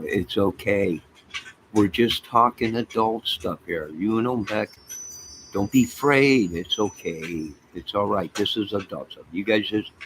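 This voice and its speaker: Man, livestream host. Deep voice, slow unhurried delivery, rambling storyteller, noisy home stream. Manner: rambling, storytelling, talks to chat and to his pets. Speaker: livestream host chatting with viewers. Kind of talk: casual rambling livestream chat. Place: home apartment by a fire. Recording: steady background noise.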